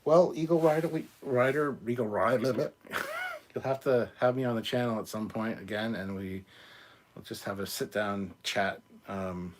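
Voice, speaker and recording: A man's voice: mid-range voice, big pitch swings, moderate pace. A man hosting his own channel, chatting casually in a rambling, jokey way with many fillers. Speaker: channel host. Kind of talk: casual livestream chat.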